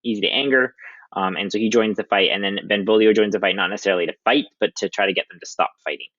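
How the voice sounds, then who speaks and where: A man's voice: lowish voice, fast, fairly bright tone, dry recording. A male teacher explaining a play in a casual, chatty way with many ums. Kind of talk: recorded literature lesson. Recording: dull lo-fi dry recording.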